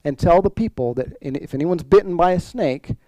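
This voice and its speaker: A man's voice: high voice, animated, brisk, mellow, dry recording, poor audio. A male pastor preaching a sermon in a conversational way, full of restarts and rhetorical questions.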